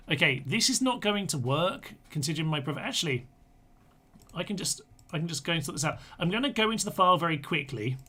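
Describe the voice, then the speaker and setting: A man's voice: a little high, a bit bright. A man giving casual live-stream commentary as he plays a strategy game, rambling and chatty, with self-mocking asides.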